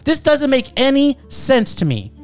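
Lively ranting film reviewer. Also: sits high, a little slow, faint music behind. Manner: ranting, animated, swears, talks over others. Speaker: movie reviewer. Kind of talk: casual movie review chat.

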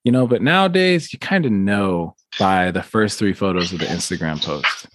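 A man co-hosting a casual podcast, loud, profane and joking. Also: low voice, animated, moderate pace, dry recording, studio quality. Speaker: podcast co-host. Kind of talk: casual chat.

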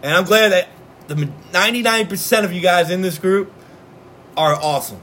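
A man's voice: high-pitched, a little fast, bright, forceful tone, slight background noise. A man co-hosting a casual sports podcast, loose and laughing, swearing freely. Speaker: podcast co-host.

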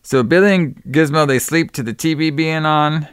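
A man's voice: on the high side, moderate pace, smooth, dry recording, studio quality. A man co-hosting a podcast, recapping a film scene by scene and acting out the characters' lines. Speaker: podcast co-host.

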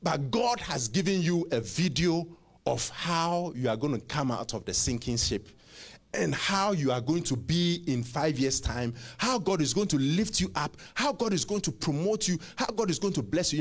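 A male preacher delivering a sermon, with call-and-response lines, stammered repeats and sudden loud rises. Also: fairly high pitch, sing-song, normal speed.

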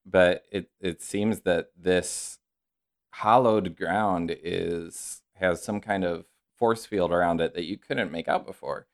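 A man narrating a tabletop role-playing game as game master, in a measured, descriptive way with some fillers. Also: low-pitched, fairly even intonation, creaky.

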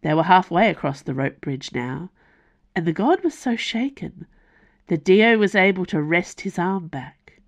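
A woman reading her own fantasy novel aloud as audiobook narration, measured and unhurried. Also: fairly low pitch, very animated. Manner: slow, measured storytelling.

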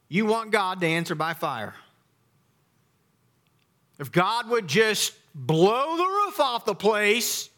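A middle-aged man preaching a sermon as a pastor, emphatic, with dramatic pauses and sudden quiet drops. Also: high-pitched.

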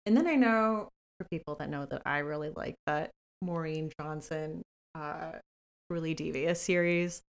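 A woman's voice: low-pitched, moderate pace, clear, resonant tone. A woman hosting a podcast from her home studio, chatting casually and recommending books with enthusiasm. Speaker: podcast host. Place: home work space. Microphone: professional studio microphone.

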